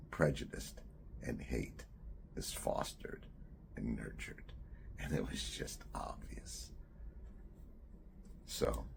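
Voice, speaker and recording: An older man in his sixties speaks with a very low, gravelly voice. He tells a story from his own life in a reflective, halting way and often backs up to correct himself. A faint hiss sits under the recording. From United States. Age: 60s. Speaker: author and storyteller. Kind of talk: recounting a personal memoir.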